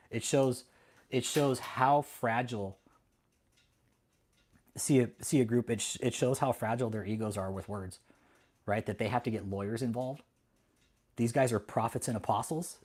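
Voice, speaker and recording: Man, husky, lowish voice, angry profane rant, defiant, swearing host. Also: darkish tone. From Texas. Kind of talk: profane ranting commentary.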